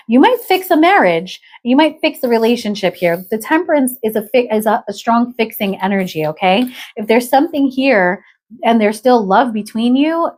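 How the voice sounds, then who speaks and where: A woman's voice: fairly high pitch, a little hiss or hum. Woman doing a live tarot reading, chatty and exclamatory, lots of "okay?", a bit unwell. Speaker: tarot reader.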